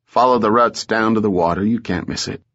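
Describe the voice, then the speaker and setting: Morose barkeep, wary and plain, lowish voice, narrator doing him; muffled storybook audio. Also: male voice, fairly quick, fairly bright tone.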